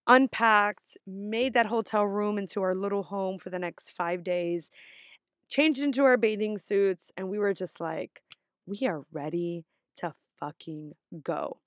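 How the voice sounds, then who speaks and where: A woman's voice: mid-range voice, unhurried, no room sound, clean studio sound. A young adult woman vlogger telling a story in a casual, chatty way, full of swearing and "like" fillers.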